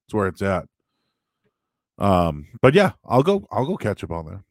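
A man's voice: low voice, normal speed, no echo. A man hosting a live stream, answering chat questions in a casual, rambling and joking way with frequent restarts. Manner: animated, joking, restarts a lot.

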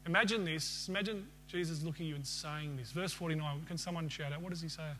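A man with a fairly high-pitched voice preaches to his congregation. He asks them questions and ends by leading a prayer. A faint hum sits under the recording. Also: quick pace, sharp tone. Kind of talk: sermon.

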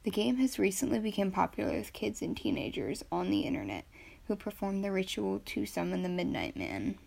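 Nervous young woman hosting a podcast, gravelly. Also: mid-range voice, very animated, brisk, a little mellow. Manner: a bit nervous, earnest. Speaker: podcast host. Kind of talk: casual solo podcast intro.

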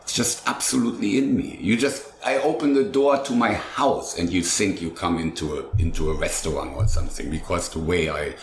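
A man's voice: deep voice, brisk, few pauses, slight background noise. An older man, a food truck owner and chef, chatting in an interview and rambling enthusiastically through his dishes step by step. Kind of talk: casual interview chat. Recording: roomy echo with faint ambience.

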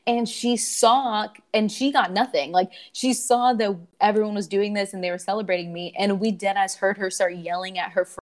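A young woman in her twenties tells a wild night-out story to friends, her voice jumping up whenever she acts out someone else's lines. She talks casually and loosely, with plenty of filler words, and her pitch sits in an ordinary middle range. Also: moderate pace, few pauses. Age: 20s. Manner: animated, quotes people with big voice swings. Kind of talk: casual group chat.

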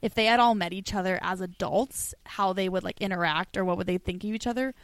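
A woman co-hosting a podcast, talking in a casual chat and telling stories in an animated way with frequent laughs. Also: mid-range voice, fast talker, smooth, no room sound. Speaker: podcast co-host.

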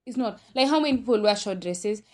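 A woman's voice: mid-range voice, expressive, fast. A young woman with a Kenyan accent hosting her own podcast, talking candidly in a rambling, casual monologue full of fillers and self-corrections. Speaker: podcast host.

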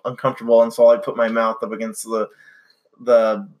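A man's voice: medium pitch, flat delivery, a little fast, a little mellow. A young man co-hosting a casual podcast chat, rambling with many fillers and restarts. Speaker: podcast co-host.

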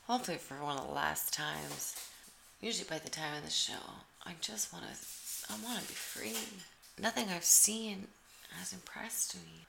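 A woman's voice: on the low side, very animated, unhurried, gravelly, bright, forceful tone. A woman giving sarcastic, teasing play-by-play commentary over a cooking show. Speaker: comedic commentator.

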